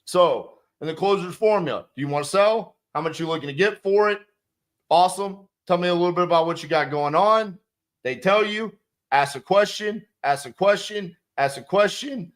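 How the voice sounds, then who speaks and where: A man with a slightly high voice coaches sales. He is blunt and emphatic and swears freely, and he acts out both sides of a call as he picks a script apart. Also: moderate pace. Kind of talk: instructional commentary on a sales script.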